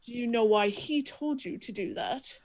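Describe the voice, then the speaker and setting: A woman playing a tabletop game in casual chat, playful and full of quick questions. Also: a little high, a little mellow. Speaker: player.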